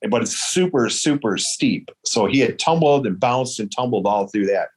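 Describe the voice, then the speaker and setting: A man from Michigan, telling a hunting story in casual chat, acting out the dialogue with lively quotes. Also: mid-range voice, moderate pace, slightly rough. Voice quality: hard of hearing in one ear. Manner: animated, quotes dialogue in raised voice. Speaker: guest storyteller.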